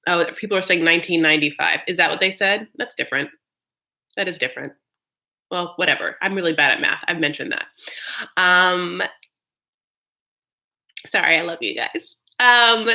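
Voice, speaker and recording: A woman hosts a live reaction stream, recapping a reality show in a gossipy, sassy running chat with her viewers. Her voice sits low but comes across bright and sharp.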